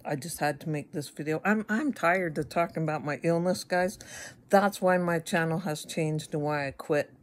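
A woman's voice: low voice, moderate pace. A middle-aged woman from the United States chatting casually to her viewers, rambling with stammered restarts and wry asides. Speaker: vlogger. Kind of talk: casual chat to camera.

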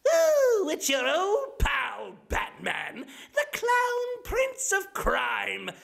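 A man voicing a manic, cackling male clown villain in a cartoon voice impression, shouting. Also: extremely high pitch, wildly swooping pitch, drawn-out words, creaky, pitched above the performer's own voice, exaggerated voice.

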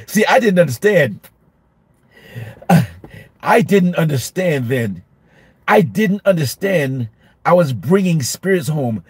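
A middle-aged male minister giving an informal Bible study, emphatic and repetitive, sometimes acting out shouting at a class. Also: a little high, big pitch swings, slow, pauses often, breathy edge, no room sound. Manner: emphatic, repeats phrases, acts out shouting at a class.

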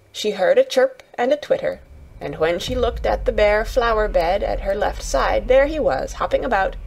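A woman narrating a children's bedtime story in a calm, gentle reading voice. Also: medium pitch, creaky, breathy edge, low-quality recording.

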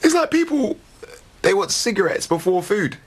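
A man's voice: high voice, big pitch swings, normal speed, breathy edge. A young man chatting casually as a reality show contestant, cheeky and loose with slang. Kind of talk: casual chat.

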